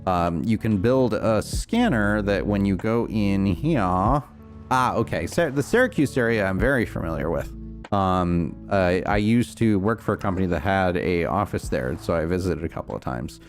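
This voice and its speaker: A man's voice: sits low, lively intonation, moderate pace, faint music behind. A young man chatting casually on his livestream while playing, rambling and answering chat with lots of fillers. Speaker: streamer.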